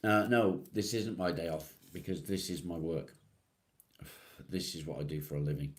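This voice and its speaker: A man's voice: deep voice, moderate pace. A man from England, hosting a live stream and casually answering viewer comments one by one, calling people mate. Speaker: livestream host.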